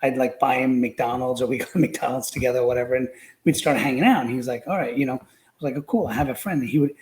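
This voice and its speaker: A man's voice: mid-range voice, fast talker, a little mellow, echoey room, low-quality recording. A man, a podcast guest, telling stories from his school years in a rambling, casual way, full of fillers and restarts. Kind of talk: casual storytelling.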